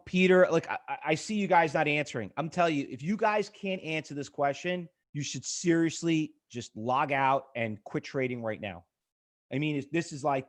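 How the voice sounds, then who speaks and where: A man teaching a live trading webinar, blunt and pushy with viewers, rambling with many fillers. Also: on the high side. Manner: rambling, chatty, full of fillers. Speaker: trading educator.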